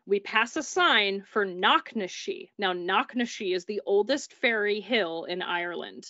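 A woman's voice: medium pitch, animated, measured pace, bright, forceful tone, no echo. A woman telling of paranormal experiences in a chatty, casual way, full of "like" and acted-out dialogue. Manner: chatty, peppered with "like", acts out dialogue. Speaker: guest recounting paranormal experiences. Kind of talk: casual storytelling. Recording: dull, dry recording.

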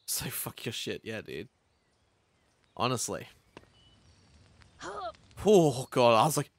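A man's voice: mid-range voice, sing-song, slow, pauses often, no room sound. A young man streaming a game at home, chatting casually, swearing a lot and laughing often as he rambles through stories.

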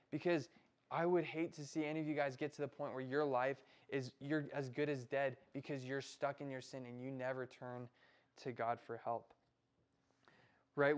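A young man with an American accent preaches to a group of middle schoolers, his pitch sitting right in the middle of the range. He keeps it loose and chatty, checking in with the kids as he goes. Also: darkish tone. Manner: casual, conversational preaching with frequent "right?" and "like". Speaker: youth pastor.

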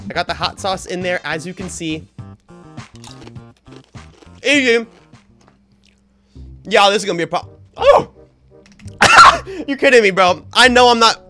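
A man giving excitable, slangy commentary on a gaming challenge, often yelping and laughing. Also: high-pitched. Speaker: gaming YouTuber.

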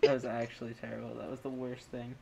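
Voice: medium pitch, little pitch movement, fast, gravelly, very noisy. A streamer in casual live-stream chat, joking and mocking their own attempts. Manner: joking, self-mocking, rambling.

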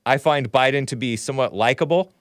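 Man, livestream host, rambling, laughs a lot, mid-pitched, dry close mic. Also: a little fast, no room sound. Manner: rambling, laughs often, talks back to chat. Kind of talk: casual livestream commentary.

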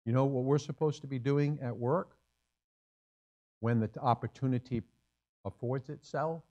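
A man's voice: medium pitch, normal speed, dark tone, lo-fi sound. A male pastor preaching a sermon in a conversational way, asking the congregation rhetorical questions. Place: church sanctuary.

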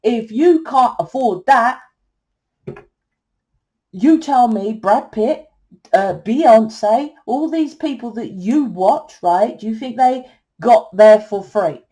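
This tarot reader and spiritual coach, a middle-aged woman, speaks slowly in a warm, expressive voice that sits on the high side. Her casual monologue reading is blunt and pushy like a sales pitch, and she curses freely.

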